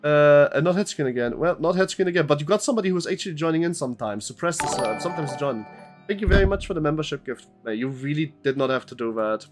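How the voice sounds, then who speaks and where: A young gamer streams with lively intonation and a fast pace, his voice a little high, as he rambles, jokes, reads game text out loud, thanks chat members, and swears. Faint music sits in the background.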